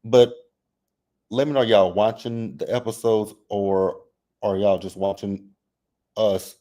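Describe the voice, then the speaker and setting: A man hosting a casual reality TV recap, reading chat comments and reacting in a sassy, animated way. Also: slow. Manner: sassy, animated, mimics cast members with exaggerated high voices; repeats phrases for emphasis.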